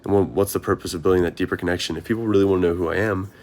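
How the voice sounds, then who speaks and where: A man's voice: low voice, steady tone, racing, a little mellow. A young man, a marathon runner, talking through his thoughts in an earnest, rambling vlog monologue, often asking himself questions.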